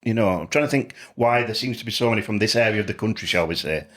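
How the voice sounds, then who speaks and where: A man hosting a podcast, asking questions in a quick, informal way. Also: fairly low pitch, fairly bright tone. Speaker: podcast host. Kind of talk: casual podcast chat.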